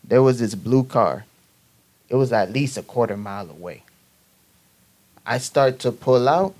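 A man's voice: mid-range voice, a little slow. A young man from the Boston area, telling a story in casual chat with friends and acting out the voices he quotes. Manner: animated storytelling, acts out quoted voices, laughs through lines.

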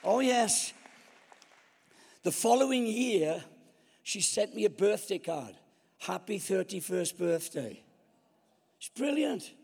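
A man's voice: sits high, a little slow, creaky, pauses often, husky. A man in his seventies, a guest preacher telling comic stories with self-mocking jokes. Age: 70s. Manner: jokey, self-mocking, lively anecdotes. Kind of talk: sermon with comic storytelling. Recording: long hall reverb.

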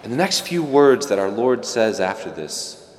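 A man's voice: fairly low pitch, sing-song, moderate pace, in a large hall, a little hiss or hum. A man giving a casual, conversational homily as a priest, with joking asides and playful voices for the people he quotes.

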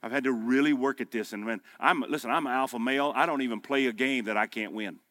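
A man in his fifties preaching a sermon, with punchy exhortation that drops to quiet storytelling. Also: medium pitch, fast talker, no echo. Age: 50s. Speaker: pastor. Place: breakfast meeting room.

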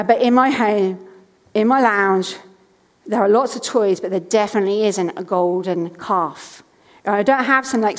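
A woman in her thirties gives a sermon, her voice sitting a little high for a woman. She moves from chatty family anecdotes to earnest, emphatic repetition. The long reverb of a church hall trails behind her words. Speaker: preacher. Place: church stage.

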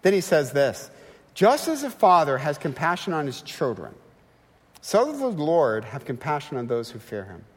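A middle-aged man delivers a sermon with a lively, swinging delivery in a fairly high voice, pressing his points with rhetorical questions. His words carry a long reverb from a large church sanctuary. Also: normal speed, husky. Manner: animated and emphatic, with rhetorical questions. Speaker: guest preacher.

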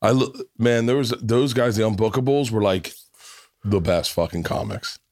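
A man from Florida hosting a casual comedy podcast, telling stories in an excitable, profane way. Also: lowish voice, moderate pace. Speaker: podcast host.

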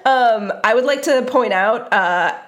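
A woman's voice: fairly high pitch, a little slow, a bit bright. A woman co-hosting a podcast, chatting casually, wry and sarcastic, with many hesitant fillers. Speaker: podcast co-host. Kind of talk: casual chat.

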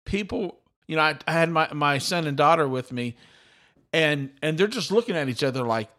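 A middle-aged man hosts a podcast with rambling excitement and keeps restarting his sentences. His voice sits fairly high for a man. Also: normal speed. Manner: animated, talkative, repeats himself. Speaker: podcast host. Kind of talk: excited casual chat.

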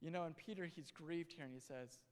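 A young male pastor preaching a sermon in a church, swinging between loud and hushed delivery. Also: fairly high pitch, a little fast. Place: church sanctuary. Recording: long hall reverb.

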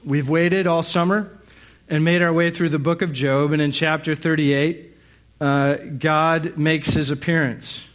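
A man's voice: fairly high pitch, fairly even intonation, a little slow. Man preaching a reflective sermon. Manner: reflective, many rhetorical questions and fillers. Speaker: pastor.

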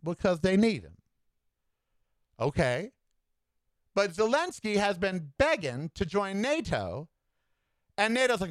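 A man hosting a solo podcast, giving sassy, animated political commentary with campy asides. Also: high voice, takes it slowly, pauses often, dry recording. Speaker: podcast host.

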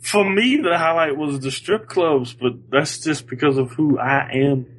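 A man co-hosting a casual podcast chat, answering in a dry, low-key way. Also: unhurried, rough recording.

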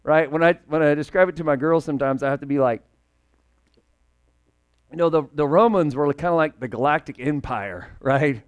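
A male pastor preaching a casual, humorous sermon in a conversational, animated way, joking with the congregation. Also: on the high side, normal speed, clear, resonant tone.

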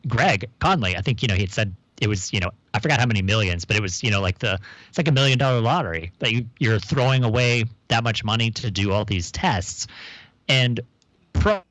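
A man's voice: fairly low pitch, expressive, fairly quick, fairly bright tone, dry recording. A man co-hosting a podcast, talking in a hesitant, rambling way with many restarts. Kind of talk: casual podcast chat.

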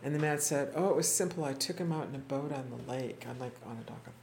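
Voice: medium pitch, steady tone, creaky, slight background noise. Reflective storyteller teaching a small group. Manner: reflective, unhurried retelling with quoted voices; halting restarts and repeated words. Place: indoor room with a small group.

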